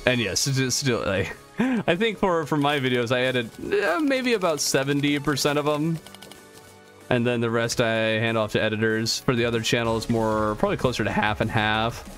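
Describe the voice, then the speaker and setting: A man's voice: mid-range voice, sing-song, normal speed, a bit bright. Young guy streaming games, super bouncy voice, chatting w chat, faint music behind. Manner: chatty, reads chat aloud, easily startled. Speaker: gaming streamer. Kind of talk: casual live gameplay chat.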